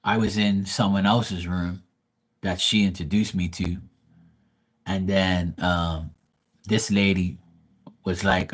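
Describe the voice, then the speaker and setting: A tarot reader telling a story on his live stream in a blunt, profane, animated way. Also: sits low, slow pace, pauses often.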